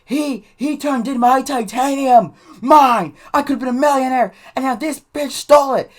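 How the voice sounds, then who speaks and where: A man voicing a hysterical boy classmate who sobs and screams in a shrill, wailing voice. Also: normal speed. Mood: screaming.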